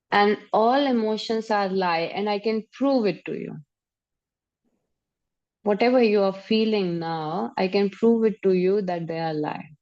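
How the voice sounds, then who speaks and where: A woman with an Indian accent leading a live online class, energetic and coaxing, laughing along with her students. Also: mid-range voice, highs cut off. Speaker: yoga and breathwork instructor.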